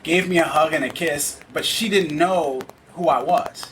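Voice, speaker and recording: A man from New York, a podcast guest, telling stories in an animated way and laughing easily. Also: a little high, unhurried, slight background noise. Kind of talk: casual conversation.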